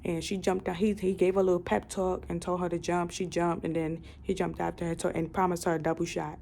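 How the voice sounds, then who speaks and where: A young woman with a low, gravelly voice rambles through a book's plot for her review. Her tone is dark and relaxed, full of fillers and casual swearing. A faint hiss sits under the voice. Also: a little fast. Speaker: book reviewer. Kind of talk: casual book review chat.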